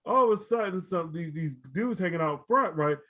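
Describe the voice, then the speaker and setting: A man's voice: high-pitched, animated, moderate pace, a bit bright. A man telling a story in casual chat, laid-back and often asking "right?". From Baltimore. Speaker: co-host. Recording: slightly dull audio.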